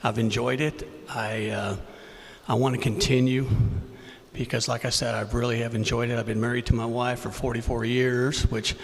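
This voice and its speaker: A man's voice: mid-range voice, a bit bright. Folksy older man in a reverberant hall. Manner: folksy, repeats words, chuckles between phrases. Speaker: debate candidate. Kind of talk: unscripted debate speech. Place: winery event space with audience. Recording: long hall reverb on a live event mic.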